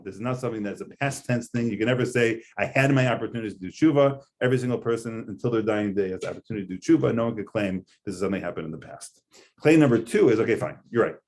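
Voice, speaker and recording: A man's voice: fairly low pitch, darkish tone. A man, a rabbi, giving a conversational Torah lecture, explaining earnestly with frequent fillers. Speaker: rabbi teaching a class.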